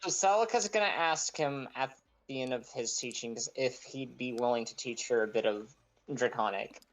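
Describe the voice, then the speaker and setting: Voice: mid-range voice, normal speed, rough recording. A player in a tabletop game who talks casually and swears offhandedly.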